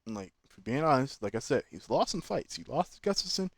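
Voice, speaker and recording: A man's voice: medium pitch, very animated, fast, husky, dry recording. Man, opinionated fan commentary, casual and slangy, dry close sound. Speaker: channel host.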